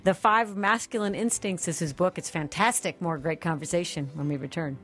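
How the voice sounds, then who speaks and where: A woman's voice: low-pitched, expressive, fairly quick. A woman hosting a radio talk show, enthusiastic and affirming toward her guest.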